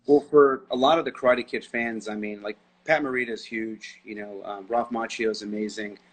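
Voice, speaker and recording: A man's voice: lowish voice, steady tone, moderate pace, rough recording. A man hosting a casual interview on a live video call, an enthusiastic fan asking questions. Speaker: interviewer host.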